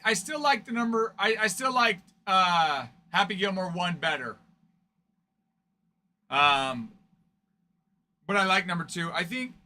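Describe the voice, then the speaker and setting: Bright, lively-voiced man streaming. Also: high-pitched. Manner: chatty, jokey, laughs often. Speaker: card break streamer. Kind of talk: casual livestream chat with viewers.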